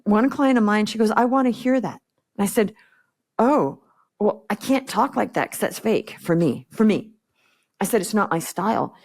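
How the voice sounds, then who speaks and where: A woman's voice: medium pitch, expressive, normal speed. A woman business coach talks as a guest on a podcast. She is blunt and direct, with a mid-range voice, and she acts out the exchanges she retells. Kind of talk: podcast interview conversation.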